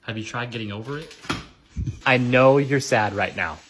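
A man's voice: medium pitch, normal speed, a bit bright. Teasing man in a couple skit. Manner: teasing, mock-apologetic. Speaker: comedy sketch creator.

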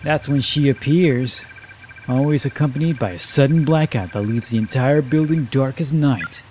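A man reading a schoolgirl telling a ghost story aloud in a slow, hushed, spooky way. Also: medium pitch, a little hiss or hum, pitched below the performer's own voice, lightly acted. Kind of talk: reading game dialogue aloud.

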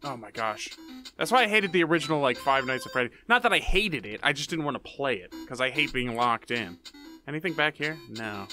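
A man's voice: mid-range voice, lively intonation, fairly quick, bright, forceful tone, faint music behind. A young man giving goofy, jumpy commentary while playing a horror game, muttering to himself and then yelping. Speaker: gaming YouTuber.

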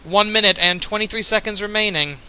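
A man's voice: sits high, fairly quick, bright, forceful tone, smooth, poor audio. A man giving casual, jokey play-by-play commentary in an offhand, chatty way, a bit tipsy.

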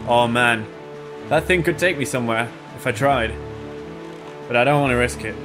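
With game music blaring in the background, a man narrates his gameplay in a relaxed, foul-mouthed way, cracking jokes and talking to himself. He speaks at normal speed in a mid-range voice and pauses often.

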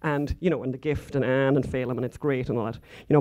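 A woman's voice: a bass voice, steady tone, quick pace, hardly any pauses, warm tone. An Irish woman giving an anecdotal conference talk, chatty and rambling, full of asides and fillers. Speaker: conference speaker. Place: conference hall stage.

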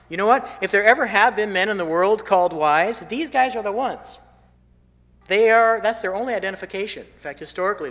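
A man preaching a sermon as a pastor, telling a story and swinging from emphatic lines to hushed ones, with phrases repeated for emphasis. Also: high voice. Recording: long hall reverb.

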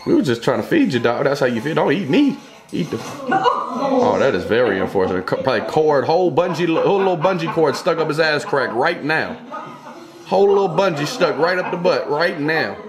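Animated, profane young man reacting. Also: fairly high pitch, a little fast. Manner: profane, exclaiming, joking slang-heavy banter. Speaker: YouTuber reacting to funny clips. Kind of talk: casual reaction commentary.

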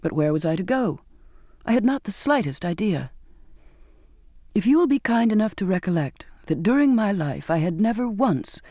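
A man narrating a novel in first person with a measured, expressive reading. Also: high voice, no room sound, studio quality. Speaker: audiobook narrator. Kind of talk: scripted narration.

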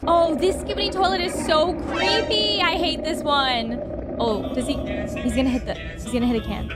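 A woman hosting a reaction video, excitable and talking straight to her viewers, often gasping and giggling. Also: sits high, normal speed. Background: loud background music.

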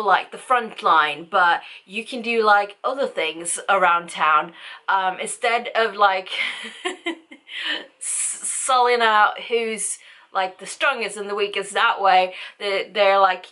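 A woman's voice: medium pitch, sharp tone. A woman vlogging a casual book review, rambling and chatty with lots of fillers.

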